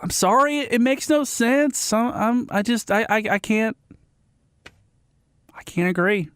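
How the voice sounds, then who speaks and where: A man's voice: extremely high pitch, lively intonation, measured pace, a bit bright, clean tone, no echo, studio quality. A man hosting a sports radio segment, giving blunt, ranting opinions and often restarting and repeating himself.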